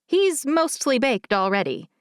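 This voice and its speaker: A woman narrating an audiobook, voicing a kind, frank older female social worker who speaks gently and candidly. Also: high-pitched, big pitch swings, unhurried, dry recording, clean studio sound, voice pushed up. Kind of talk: audiobook character voice.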